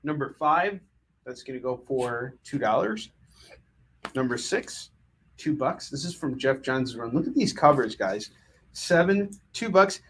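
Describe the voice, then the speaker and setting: A man's voice: medium pitch, a little hiss or hum. A man running a live comic book sale, full of puns and jokey sales patter.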